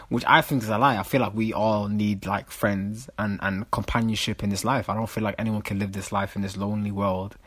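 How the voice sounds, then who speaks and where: A young man rambles through a casual podcast chat, circling back on his words. His voice is husky and sits low, recorded close and dry. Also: fairly even intonation, brisk, few pauses, a bit bright, no echo. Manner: rambling, repeats himself, filler-heavy. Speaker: podcast co-host.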